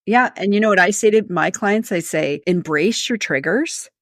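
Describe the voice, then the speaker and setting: A woman coach speaks as a podcast guest, emphatic and full of stories and advice. Her pitch is middling and the recording is dry and close, without any room sound. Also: a little fast, dry recording. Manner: animated storyteller, advice-giving, emphatic. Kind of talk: conversational podcast interview.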